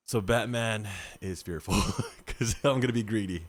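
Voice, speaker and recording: A man co-hosting a podcast in casual chat, playful and quick to laugh. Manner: playful, laughs often, lively pitch. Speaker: podcast co-host.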